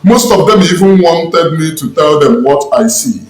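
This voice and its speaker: In an echoey room with faint music playing, a Nigerian-accented man who calls himself a spiritualist rants online, preaching and berating his audience. His voice is on the high side, lively in intonation, at a normal pace.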